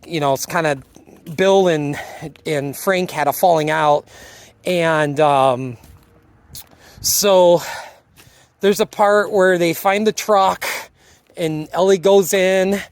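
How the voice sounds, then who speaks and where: The clip is a dry recording of a video reviewer at medium pitch loosely going over a TV episode. Their casual recap mixes in acted-out character lines and drifts, sometimes losing its way.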